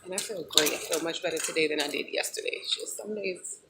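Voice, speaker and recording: A woman chatting casually and excitedly to her phone camera as she browses a large home decor store. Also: sits low, quick pace, very noisy. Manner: chatty, excitable, thinks aloud. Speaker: vlogger. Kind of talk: casual shopping vlog. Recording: store background music. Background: store music playing.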